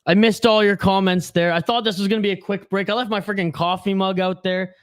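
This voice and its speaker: A man's voice: high-pitched, fairly even intonation, fairly quick, clear, resonant tone, no echo. A man hosting a hockey watch-along live stream, chatting and ranting casually with viewers. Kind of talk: casual live-stream chat and game commentary.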